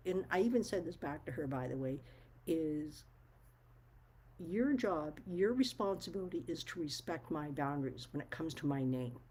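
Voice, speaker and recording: A woman speaks candidly to her viewers in a casual monologue. Her voice sits low and mellow, with a husky edge. She is blunt and emphatic and curses freely as she makes her case. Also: poor audio. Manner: blunt, frank, swears freely; firm and emphatic. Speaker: vlogger.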